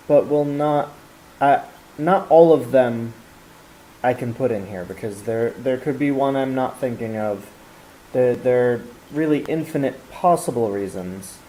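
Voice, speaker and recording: A man with a mellow, warm voice teaches a recorded geometry lesson, explaining step by step with small fillers and restarts. A faint hiss sits under the recording. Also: medium pitch, rough recording. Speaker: math teacher.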